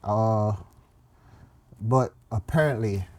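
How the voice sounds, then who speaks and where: A man's voice: fairly low pitch, slow, a little mellow. A man with a Toronto accent, joking around as a podcast co-host. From Canada. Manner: joking, slips into a put-on Southern drawl. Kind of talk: casual podcast banter.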